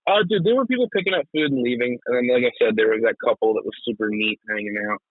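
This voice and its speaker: Podcast co-host, male, excitable and sweary, thin phone-like sound, dry. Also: mid-range voice, fast, no room sound. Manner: excitable, swears, laughs a lot. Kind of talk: casual chat.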